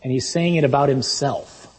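A man's voice: mid-range voice, normal speed, darkish tone, low-quality recording. A man preaching a sermon, reasoning emphatically and reading scripture passages aloud.

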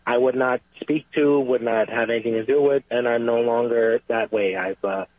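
Casting: man, radio caller, earnest and halting, dry tinny phone sound. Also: medium pitch, fairly even intonation, no echo. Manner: halting, repeating himself, earnest. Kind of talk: call-in radio testimony.

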